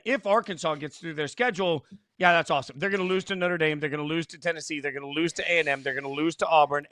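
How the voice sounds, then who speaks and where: A man's voice: on the high side, pushed and bright, no room sound, clean studio sound. A man co-hosting a sports talk show, joking in casual banter and slipping into playful mock voices.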